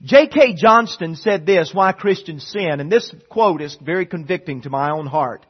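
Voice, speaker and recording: High, husky-voiced preacher on a dull recording. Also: male voice, animated, normal speed. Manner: preaching with swings between loud emphatic lines and quiet near-murmured passages. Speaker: pastor. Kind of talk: sermon.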